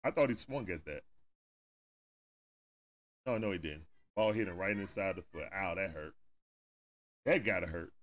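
A man's voice: sits low, expressive, moderate pace, long pauses. A man with a Southern US accent hosting a casual watch-party stream, calling the plays live and talking straight at the players in folksy turns of phrase. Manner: talks straight at the players, coaching and groaning. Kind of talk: casual live play-by-play commentary.

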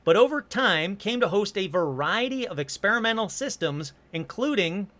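An animated man with a high, bright voice that leaps all over its range. He tells stories casually, breaking off for jokey asides and quick apologies. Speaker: host. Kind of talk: casual storytelling monologue.

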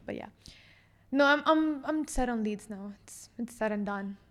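A young adult woman with a slightly high voice chats casually at a moderate pace as a podcast guest. She giggles often and trips over repeated words.

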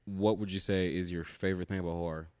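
Low dry-sounding guy hosting a comics podcast, chill, swears a lot. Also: steady tone, a little mellow, clean tone, no room sound. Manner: casual, swears freely, quick asides. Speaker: podcast host. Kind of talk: casual podcast chat.

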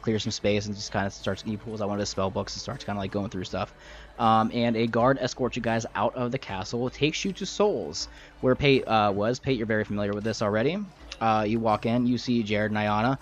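A man running a tabletop game as game master, narrating casually with fillers and the odd swear. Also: on the low side. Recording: slightly muffled recording with faint music.

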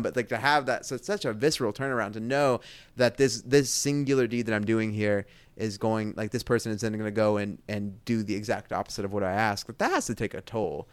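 A man talking through a Bible passage in a casual discussion, thoughtful and halting, with many restarts. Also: lowish voice, dry recording.

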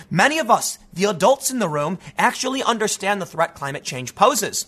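A man's voice: high-pitched, very animated, a little fast, bright, forceful tone. A man giving combative political commentary, talking emphatically with casual asides. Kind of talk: ranting commentary.

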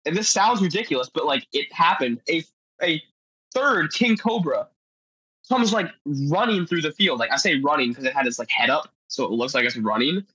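A man's voice: fairly high pitch, moderate pace, slightly rough, no room sound, muffled recording. A man guest on a podcast telling adventure stories in a casual, rambling way, full of "like" fillers. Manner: rambling, heavy use of "like" fillers; animated storyteller.

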